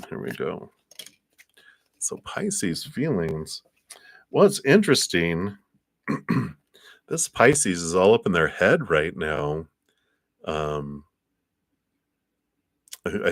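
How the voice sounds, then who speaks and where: A man's voice: dry recording, studio quality. A man doing live tarot readings for viewers, chatty and full of fillers, acting out little imagined conversations. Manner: chatty, acts out little scenes in higher voices. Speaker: tarot reader.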